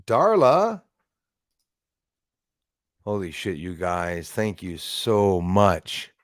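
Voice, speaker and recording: A man's voice: low voice, very animated, very slow, dry recording, studio quality. A man hosting a casual live stream, chatting with viewers by name and swearing casually. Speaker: livestream host.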